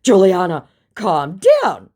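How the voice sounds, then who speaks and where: A woman's voice: medium pitch, very animated, measured pace, darkish tone, pitched above the performer's own voice. A woman voicing a pushy male scammer who poses as a celebrity, in a mock-sweet, wheedling manner.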